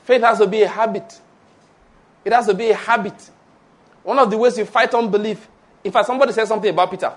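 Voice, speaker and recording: A man preaching a sermon, his voice pitched high for a man. He delivers it with playful energy and laughs often as he goes. He has the congregation echo his key phrases back to him. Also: fast, long pauses. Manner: animated and playful, laughs often, leads the audience in repeated phrases.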